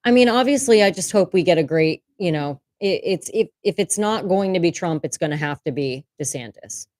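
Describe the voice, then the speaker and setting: A woman's voice: fairly low pitch, expressive, fairly quick, a little mellow, no room sound. A woman hosting a casual livestream from a room at home, chatting candidly, swearing casually and laughing often. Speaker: livestream host. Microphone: desk microphone.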